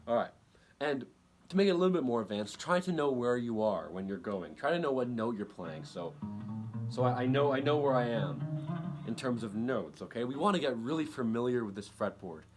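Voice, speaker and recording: A man giving a casual guitar lesson, talking in halting bursts with many restarts and counting beats aloud. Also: mid-range voice, very animated. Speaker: guitar teacher. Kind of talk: casual instructional talk over guitar playing. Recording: loud guitar playing behind the voice.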